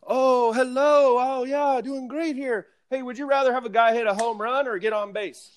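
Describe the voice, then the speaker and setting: A man putting on a higher voice to play a cheerful baseball executive answering a phone call. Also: steady tone, moderate pace, clear, resonant tone. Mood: breezy. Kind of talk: comedic impression in a podcast.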